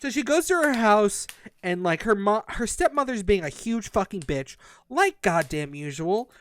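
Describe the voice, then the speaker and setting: A man's voice: high voice, moderate pace. A man co-hosting a podcast, casually recapping a book's plot with lots of swearing. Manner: animated, profane plot recap. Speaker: podcast co-host. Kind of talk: casual book review chat.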